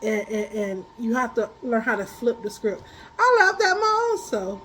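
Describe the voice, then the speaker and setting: High-voiced, laughing woman tarot reader. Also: normal speed, slight background noise, low-quality recording. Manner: animated, laughs often while telling stories; blunt, colloquial. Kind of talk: casual spiritual chat.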